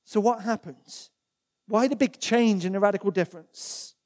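Preaching in a church at normal speed, this speaker has a medium-pitched voice that sounds mellow and darkish. He reads Bible passages aloud and uses repeated words to press his points with earnest emphasis.

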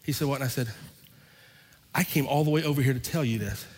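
A man's voice: medium pitch, fast. A man preaching a sermon as pastor, telling a personal story and acting out both sides of an argument. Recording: long reverb of a large hall.

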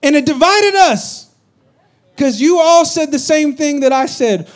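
A pastor preaching a sermon, swinging from loud urgent bursts to low confiding asides. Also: male voice, moderate pace.

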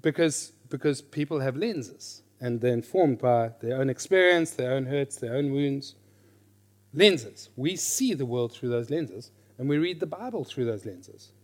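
A middle-aged man teaching a class on reading scripture. He is lively, questions his listeners, and repeats his key phrases. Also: mid-range voice, a little slow. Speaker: Bible teacher.

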